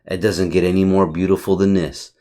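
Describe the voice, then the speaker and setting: A man's voice: sits low, little pitch movement, fairly quick, dark tone. A man reviewing his day trades on a chart, talking brashly, swearing and firing off rhetorical questions. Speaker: trading educator. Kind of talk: screen-recorded trade review.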